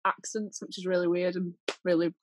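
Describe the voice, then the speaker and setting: A woman's voice: fairly low pitch, fairly quick, a little hiss or hum. A woman from Bradford, an actress chatting casually and laughing often. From Bradford, England. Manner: giggly, lively. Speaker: actress and model. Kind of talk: casual chat.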